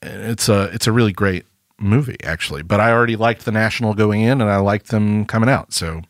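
A man's voice: lowish voice, a little fast, no echo. A man co-hosting a casual podcast, chatting with dry, sarcastic quips. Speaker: podcast co-host. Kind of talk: casual chat.

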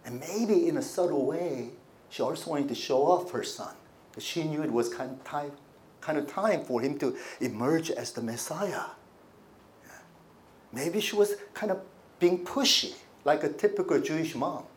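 Man preaching with rhetorical questions, slightly high voice. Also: normal speed, slight background noise. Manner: swings from quiet to emphatic. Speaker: pastor. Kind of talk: sermon.

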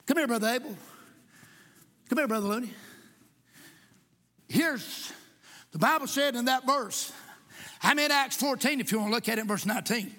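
A man preaching a sermon. He is impassioned, jokes at times and rises to shouts in a church. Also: extremely high pitch, normal speed, long pauses. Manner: impassioned, shouting at peaks, joking asides. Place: church sanctuary with congregation. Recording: echoey church hall.

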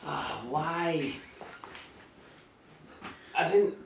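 A man's voice: fairly high pitch, expressive, very slow, creaky. A man in casual banter, dry and matter-of-fact. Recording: very echoey, distant, noisy.

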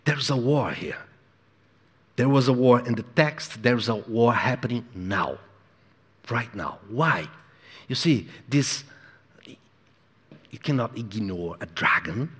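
A man preaching a sermon in an emphatic, repetitive way, moving between hushed and loud delivery. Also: mid-range voice, animated, slow pace, long pauses, breathy edge. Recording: echoey hall with long reverb.

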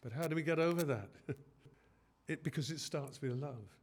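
A man's voice: fairly high pitch, moderate pace. A man preaching a sermon in an earnest way, often hesitating and rising in force on key phrases.

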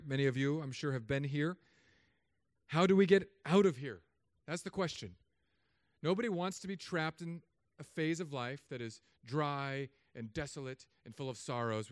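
A man in his thirties, a pastor, preaching a sermon with humor and animated storytelling asides. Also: mid-range voice, dry recording, clean studio sound.

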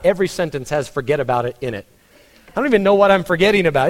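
A Texan pastor preaches a conversational sermon in a large hall, his high voice quick and full of lively intonation. He restarts often and leans on rhetorical questions.

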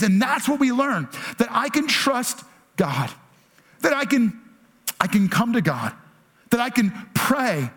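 A man's voice: very high-pitched, very animated, takes it slowly, pauses often, fairly bright tone. A man preaching a conversational sermon as pastor, dropping in rhetorical "right?" asides and acting out his children's pleading voices.

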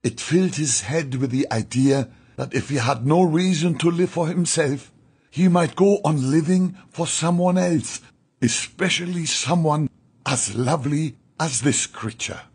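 A man narrating an audiobook in a measured, solemn storytelling manner. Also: fairly high pitch, a little mellow, husky.

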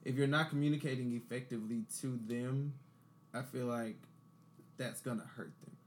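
A man's voice: mid-range voice, fairly even intonation, normal speed. A man, a guest on a roundtable podcast, explaining his view thoughtfully with many "like"s. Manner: thoughtful, explains at length with fillers. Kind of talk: casual group chat.

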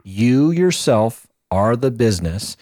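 A man co-hosting a podcast in casual chat, emphatic and repeating phrases for effect, his voice a little hoarse. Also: mid-range voice, sing-song, slow, darkish tone, no room sound, clean studio sound. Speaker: podcast co-host.

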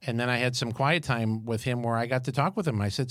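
A man in his fifties, co-hosting a podcast, who tells stories in an animated, joking way. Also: medium pitch, fast, no room sound, clean studio sound. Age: 50s. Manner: storytelling, animated and jokey. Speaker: podcast co-host. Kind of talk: casual chat.

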